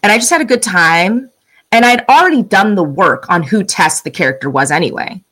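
A middle-aged woman chatting casually as a podcast guest. She tells stories with energy and jumps into playful voices for the people she quotes. Her voice sits at a middle pitch. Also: brisk, breathy edge, low-quality recording. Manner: animated storyteller, acts out quoted lines. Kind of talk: casual chat.

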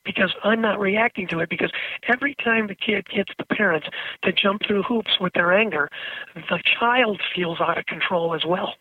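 Man, therapist guest, tinny phone line, husky, dry, explaining. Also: high-pitched, moderate pace, no echo, recorded from a distance. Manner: explanatory, storytelling with acted-out quotes. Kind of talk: phone-in radio interview.

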